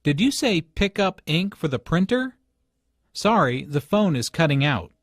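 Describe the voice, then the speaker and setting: A man's voice: on the high side, sing-song, a little slow, no echo, studio quality. A man voicing a young man struggling to hear on a bad phone call in a scripted lesson dialogue. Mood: puzzled. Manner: asking to repeat.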